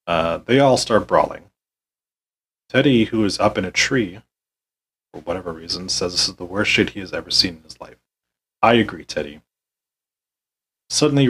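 A man hosting a podcast, recapping a wrestling show in a weary, deadpan, sarcastic way and swearing often. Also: on the low side, slightly rough, low-quality recording.

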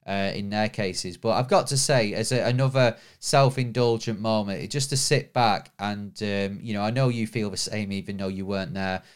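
A man's voice: fairly low pitch, moderate pace, hardly any pauses, clean tone. A man hosting a football podcast, chatting casually and laughing easily. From United Kingdom. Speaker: podcast host.

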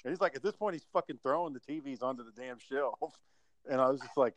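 A man's voice: medium pitch, fast talker. A man hosting a casual online chat and telling a profane story in a laid-back, chuckling way. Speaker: podcast host telling a story. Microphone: online voice call.

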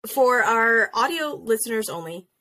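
A young woman co-hosting a podcast in casual chat, animated and joking, swearing freely, on a video call. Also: a little high, normal speed. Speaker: podcast co-host.

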